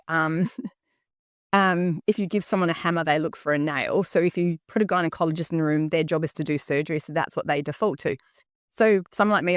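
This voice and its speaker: A woman's voice: on the low side, dry recording, clean studio sound. A woman, hosting her own podcast and talking earnestly and candidly, with frequent ums and "okay?" check-ins. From Australia. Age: 50s. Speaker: podcast host. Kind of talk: personal solo podcast talk.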